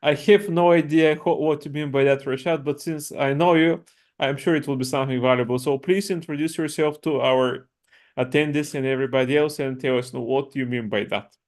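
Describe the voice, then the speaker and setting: An upbeat man hosts an online panel over a video call. He introduces each speaker casually, in a voice a little higher than most men's. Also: fairly even intonation, brisk, a little mellow. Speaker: webinar host.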